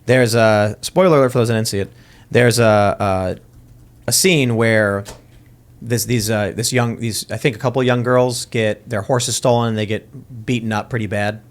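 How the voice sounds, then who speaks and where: A man's voice: fairly low pitch, steady tone, moderate pace. A man hosting a casual panel podcast, retelling a TV scene in a loose, rambling way with many restarts. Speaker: podcast host.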